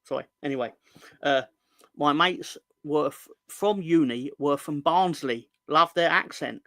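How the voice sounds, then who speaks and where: A man's voice: fairly high pitch, measured pace, a bit bright, no room sound. A man with a London accent co-hosting a casual football podcast, rambling and joking as he reads out viewer comments. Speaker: podcast co-host.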